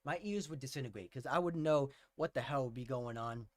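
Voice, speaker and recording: A young man hosting a music reaction, talking casually and excitedly, gushing and repeating his exclamations. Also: mid-range voice, a little fast, no room sound, clean studio sound. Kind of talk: casual album reaction commentary.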